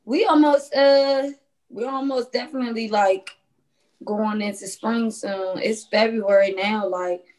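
Chatty higher-voiced woman. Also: unhurried. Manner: chatty, animated storyteller. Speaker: podcast co-host. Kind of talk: casual podcast chat.

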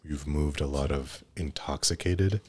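A man's voice: extremely low pitch, unhurried, slightly rough, dry recording. A young man, an EMT guest on a podcast, telling work stories casually, with restarts and frequent "right?" tags.

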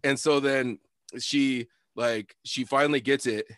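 A young man co-hosting a podcast, telling a long story in a loose, profane, animated way with lots of fillers. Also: mid-range voice, measured pace, no echo, clean studio sound. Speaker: podcast co-host. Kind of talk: casual storytelling chat.

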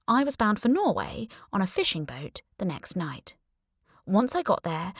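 A woman narrating a first-person audiobook in a wry, lively storytelling manner, close to the mic. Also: lowish voice, dry recording.

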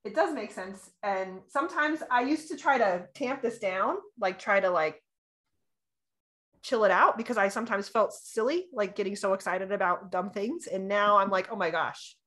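A bubbly woman chatting casually about astrology with a friend. She talks in a relaxed, rambling way, full of fillers, and every so often she jumps up into high, delighted exclamations. Her pitch sits right in the middle for a woman. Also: normal speed. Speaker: podcast co-host.

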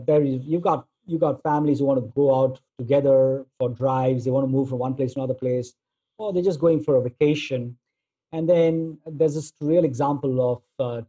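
A man giving a relaxed storytelling talk, using plenty of filler words as he tells everyday examples. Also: medium pitch, breathy edge, lo-fi sound. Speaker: speaker on negotiation.

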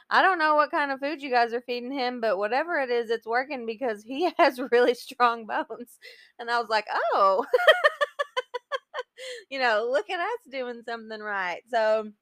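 A woman's voice: medium pitch, no room sound. Chatty woman with a dry close sound. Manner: chatty, laughs often, acts out quoted dialogue. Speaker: podcast co-host. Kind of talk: casual storytelling chat.

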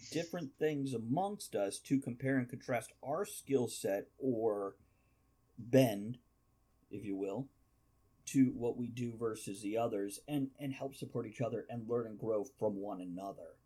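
A man's voice: mid-range voice, unhurried, warm tone, slightly rough. A man hosting a casual chat among writers, giving rambling, encouraging feedback. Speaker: podcast host.

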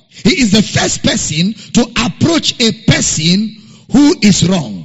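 A male pastor preaches in a high, animated voice that is gravelly and husky. He speaks slowly and repeats his points for emphasis. The sound is dull and lo-fi, with a long reverb from a large church hall. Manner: reads scripture aloud in King James wording. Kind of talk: sermon.

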